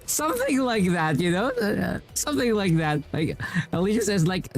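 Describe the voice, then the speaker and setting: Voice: mid-range voice, huge pitch swings, moderate pace, faint music behind. A game streamer chatting casually while playing, rambling and acting out what other people say. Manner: rambling, acts out quoted speech. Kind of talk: casual chat while gaming.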